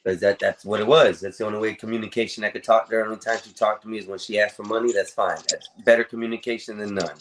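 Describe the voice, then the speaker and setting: A man's voice: on the low side, level tone, quick pace, few pauses, slight background noise. A man in casual chat, telling a long rambling personal story, filling gaps with throwaway "da, da, da" and calling the listener "bro". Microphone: streaming call audio.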